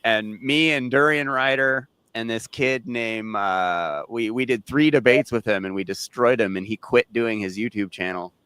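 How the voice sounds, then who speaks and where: A man hosts a casual podcast, his voice bright and forward. He rambles through animated stories, stumbling and restarting as he goes, with plenty of casual swearing. The sound is dry, with no room around it. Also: mid-range voice, normal speed, hardly any pauses, clear, resonant tone, no echo. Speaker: podcast host.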